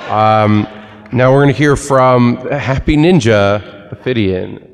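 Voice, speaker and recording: A man's voice: mid-range voice, slow pace, clean tone, faint music behind. A man hosting a live comedic wrestling game on a convention stage, with wry, chatty banter. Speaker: host and commentator. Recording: reverberant convention hall.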